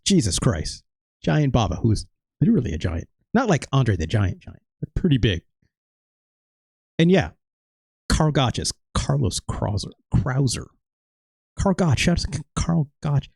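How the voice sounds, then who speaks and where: Rambling let's-play guy, slow and swoopy. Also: mid-range voice, gravelly, a little mellow, slightly rough, no echo. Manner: rambling, self-deprecating, lots of filler and trailing off. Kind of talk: casual gameplay commentary.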